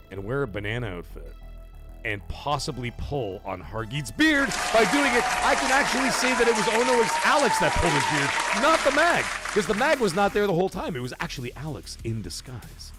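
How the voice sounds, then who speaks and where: A man hosting a late-night gaming livestream, chatting loosely, swearing freely and reading out and thanking viewers from the chat. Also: a little high. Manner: animated, profane, thanks viewers and reads chat aloud. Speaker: livestream host.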